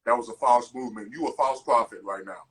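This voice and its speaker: A man's voice: mid-range voice, fast talker, husky. A man co-hosting a casual podcast, ranting with lots of swearing and mocking impressions of other people's speech. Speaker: podcast co-host. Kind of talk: casual chat.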